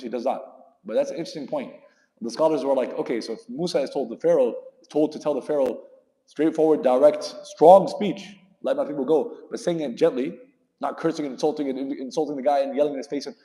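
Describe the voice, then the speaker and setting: A man giving an animated sermon, retelling a story and acting out the dialogue. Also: a little high. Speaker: preacher. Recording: echoey hall.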